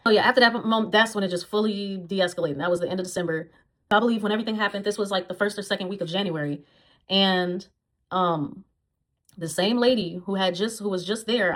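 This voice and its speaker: A woman's voice: medium pitch, a bit bright. A woman, a dog groomer, telling a blunt, profane storytime vlog about her old job.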